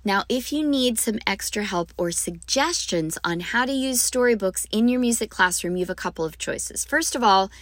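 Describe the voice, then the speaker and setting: A woman's voice: medium pitch, animated, moderate pace, few pauses, dry recording. Bubbly woman music teacher, dry close mic. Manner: bubbly, gushing, lots of ums. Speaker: podcast host, music teacher. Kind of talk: enthusiastic teaching talk.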